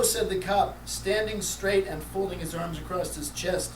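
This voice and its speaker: A man's voice: high voice, measured pace. A man telling jokes to a live audience at a music store party, laughing at his own punchlines. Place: music store event room. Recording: echoey room, mic far off, background noise.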